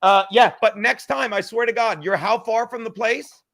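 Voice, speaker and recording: A man hosting a casual comedy podcast, telling stories in a profane, excitable way, often laughing and breaking into shouts. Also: sits high, moderate pace, creaky, dry recording, studio quality. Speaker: podcast host.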